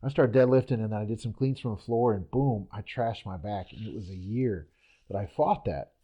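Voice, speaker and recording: A man's voice: lowish voice, fairly quick, dark tone, breathy edge, muffled recording. A man who is a professional athlete, answering in a casual interview in an easygoing way, laughing often. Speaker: professional Highland Games athlete guest.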